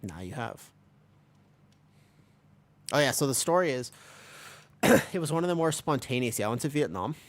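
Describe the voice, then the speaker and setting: Young guy from America, gaming streamer, loose rambling banter with chat, voice mid-pitched and bouncy. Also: sing-song, moderate pace, pauses often. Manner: rambling and joking, answers chat. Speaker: livestreamer. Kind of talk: casual livestream chat while gaming.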